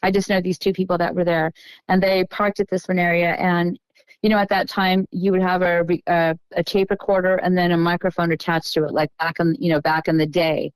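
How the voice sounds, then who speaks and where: A woman's voice: lowish voice, flat delivery, fairly quick, clean tone, no echo, low-quality recording. A middle-aged woman guest on a podcast, telling a long story in a casual, meandering way and often stopping to correct herself.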